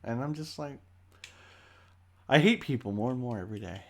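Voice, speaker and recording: A man's voice: mid-range voice, moderate pace, creaky. A man co-hosting a podcast in casual chat, rambling, joking and swearing freely. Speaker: podcast co-host.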